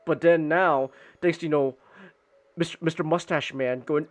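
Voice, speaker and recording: A man's voice: fairly high pitch, steady tone, normal speed. A man streaming casually while drawing, rambling with lots of restarts and swearing.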